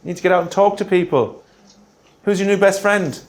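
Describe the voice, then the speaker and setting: Energetic man presenting a workshop. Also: high-pitched, a little fast. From Australia. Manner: energetic, punchy, checks in with the room with "all right?" and rhetorical questions. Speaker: grant writing workshop presenter.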